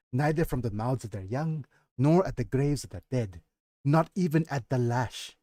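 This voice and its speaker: A streamer with a Nigerian accent reads his fantasy novel aloud, repeatedly pausing to comment and laugh at his own writing. His voice is medium-pitched with a dark tone. The audio is dry, studio quality.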